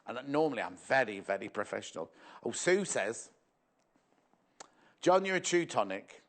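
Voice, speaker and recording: A man's voice: mid-range voice, big pitch swings, normal speed. A man presenting a live shopping show in a playful, jokey, chatty way, reading out viewer messages.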